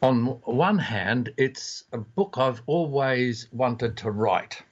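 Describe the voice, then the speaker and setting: An older Australian theologian being interviewed from far away, speaking in a measured way with frequent pauses. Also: male voice, mid-range voice, expressive. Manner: measured, with many ums and uhs. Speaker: theologian guest. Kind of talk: interview over a phone line. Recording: muffled phone line.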